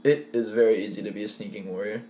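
A man co-hosting a podcast in casual chat, relaxed and joking, laughing often. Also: on the low side, quick pace, slight background noise. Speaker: podcast co-host.

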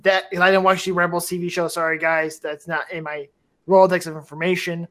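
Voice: medium pitch, level tone, fairly quick, fairly bright tone. Enthusiastic rambling podcast host. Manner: enthusiastic, rambling with restarts and laughs. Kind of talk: casual fan review chat.

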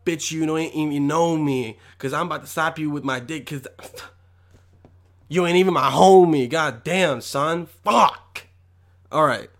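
A man's voice: fairly high pitch, fairly bright tone. A young man ranting to camera with constant swearing, rambling and mock exasperation. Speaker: vlogger. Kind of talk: profane comedic rant.

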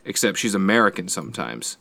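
A man with a lowish voice chats loosely about a film he just saw. He rambles, swears freely and makes sound effects as he tells the story. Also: big pitch swings, fairly quick, gravelly, sharp tone, faint music behind. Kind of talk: casual chat.

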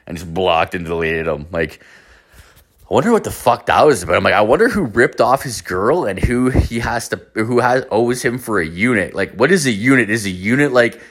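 A man in his late thirties with a somewhat low voice talks in a loose, rambling monologue. He swears constantly, piles on filler words and spins a story as the host of his own show. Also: lively intonation, normal speed, a bit bright. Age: late 30s. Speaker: podcast host.

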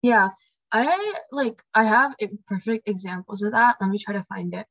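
A woman's voice: mid-range voice, normal speed, fairly bright tone, no echo. Young woman on a dull, dry mic. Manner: reads quotes aloud, frequent "um" and "like". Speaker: book discussion co-host. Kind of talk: casual chat.

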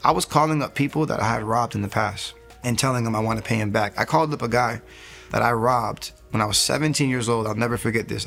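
Gravelly-voiced man telling his story earnestly. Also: on the low side, fairly bright tone. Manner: earnest, rambling storyteller, acts out his own quotes. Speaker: interview guest. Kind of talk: personal faith testimony.

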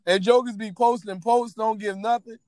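A man co-hosts a casual podcast. He talks with animation, laughing and teasing as he goes. His voice sits fairly high and sounds dry and close. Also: moderate pace, no echo. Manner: animated, laughing, mocking impressions. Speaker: podcast co-host. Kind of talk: casual chat.

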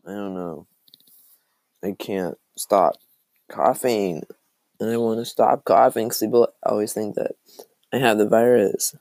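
A man's voice: fairly low pitch, steady tone, a little slow, pauses often, darkish tone, no echo. A young man hosting a casual solo podcast, rambling and self-deprecating, his throat phlegmy from coughing. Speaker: podcast host.

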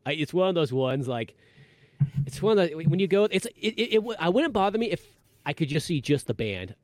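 A man's voice: on the high side, very animated, a little fast, darkish tone, dry recording. A man co-hosting a podcast, rambling in casual conversational chat. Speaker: podcast co-host.

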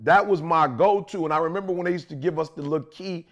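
Higher-voiced man telling animated stories. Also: fast talker, highs cut off. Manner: animated storytelling with slang. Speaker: podcast co-host. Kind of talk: casual chat.

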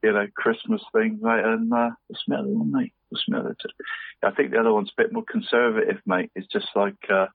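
A man's voice: on the low side, fairly even intonation, fast, creaky, no room sound. A man co-hosting a podcast in casual chat, laughing often and calling everyone mate. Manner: chatty, laughs often, says "mate" constantly. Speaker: podcast co-host. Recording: tinny phone-like line, dry.

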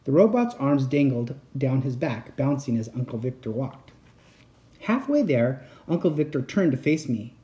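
A man reading a children's book aloud as narrator, steady and expressive. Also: mid-range voice, normal speed. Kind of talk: storybook reading.

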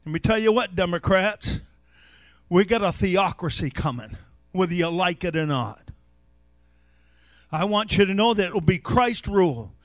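A male pastor preaching an animated sermon that rises to shouts. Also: high voice, moderate pace, long pauses, no echo.

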